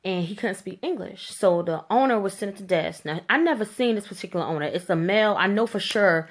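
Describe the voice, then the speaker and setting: A woman telling a story to camera in a blunt, animated rant, with slangy speech and free swearing. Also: mid-range voice, fast talker. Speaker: vlogger.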